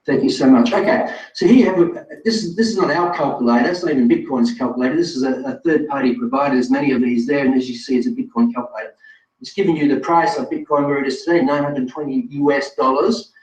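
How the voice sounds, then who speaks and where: A man's voice: mid-range voice, quick pace, a little mellow. A man presenting a live online webinar, talking straight to viewers in a chatty, self-correcting way. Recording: distant roomy lo-fi sound.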